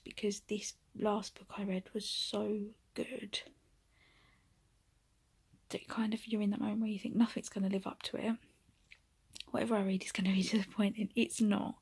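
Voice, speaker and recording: A woman's voice: medium pitch, slightly rough. A young woman vlogging at home, out of breath, chatting casually and often dropping into a whisper. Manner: coos softly to her cat. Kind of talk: casual vlog chat.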